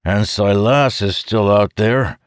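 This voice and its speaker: A man doing a measured thoughtful mage. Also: on the low side, no room sound, clean studio sound, pitched above the performer's own voice. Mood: reproachful.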